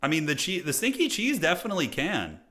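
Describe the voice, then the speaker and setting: Guy streaming, bright forceful tone, chatty and joking with chat. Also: a little high, wildly swooping pitch, fast talker. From United States. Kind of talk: casual live-stream game commentary.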